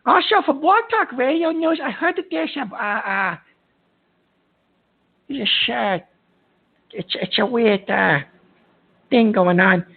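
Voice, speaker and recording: A man's voice: very high-pitched, lively intonation, slow, gravelly, long pauses. A man hosting a call-in show from a hospital room while in pain from a back injury, rambling and irritable, swearing and stumbling over fillers. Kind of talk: call-in radio talk. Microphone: phone line. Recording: tinny phone line.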